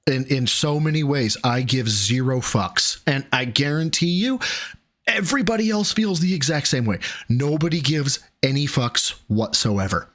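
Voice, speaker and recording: A man's voice: medium pitch, expressive, normal speed, a bit bright. A man streaming, reacting to a clip with sarcastic, exasperated commentary and a lot of swearing.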